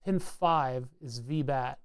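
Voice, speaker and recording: A man's voice: mid-range voice, slow pace, smooth, dry recording. Chatty man reading datasheets aloud. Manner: chatty, rambling, jokey asides while reading datasheets. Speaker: PCB design streamer. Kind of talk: casual live-stream walkthrough.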